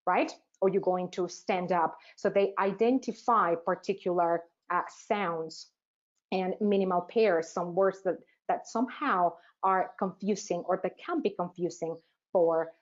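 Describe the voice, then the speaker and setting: A woman teacher trainer presenting a webinar, asking rhetorical questions and pausing often with "uh" fillers. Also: on the low side. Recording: dull, lo-fi webinar audio.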